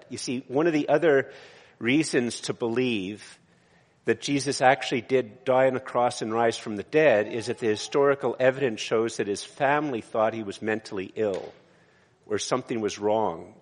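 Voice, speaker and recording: A man's voice: mid-range voice, in a large hall. A man, a pastor, preaching a conversational sermon in a church, with frequent restarts and asides.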